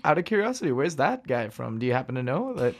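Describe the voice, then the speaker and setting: A woman's voice: extremely low pitch, very animated, quick pace. A woman interviewing a guest in a casual chat, curious and asking follow-up questions.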